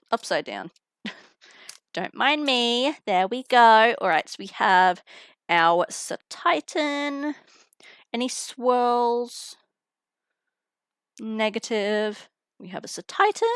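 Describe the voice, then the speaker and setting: Young woman streamer, slow easygoing chatter and giggles, headset mic, dry sound. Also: medium pitch, clean tone, no room sound. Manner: chatty, giggly, talks to chat while unboxing. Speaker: streamer opening trading cards. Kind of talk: casual live-stream chat. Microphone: headphones with mic.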